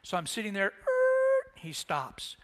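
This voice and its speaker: A man preaching a sermon, telling a personal story with animated delivery and acted-out dialogue in a church sanctuary. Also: high voice, slow. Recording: long church reverb.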